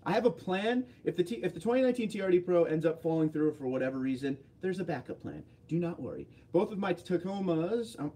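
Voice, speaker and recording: Mellow-voiced man hosting a casual livestream. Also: fairly high pitch. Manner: reads viewer comments aloud and answers them offhandedly. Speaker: livestream host.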